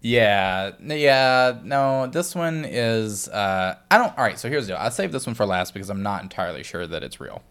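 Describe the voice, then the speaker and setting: A man's voice: fairly low pitch, lively intonation, moderate pace, hardly any pauses, a bit bright. A man co-hosting a podcast in casual chat, hesitant and full of restarts. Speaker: podcast co-host.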